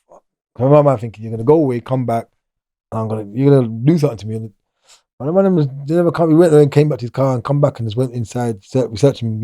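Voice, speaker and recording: A man's voice: medium pitch, warm tone, no echo, studio quality. A middle-aged man, talking casually as an interview guest, rambling and restarting his sentences. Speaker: guest, former prisoner.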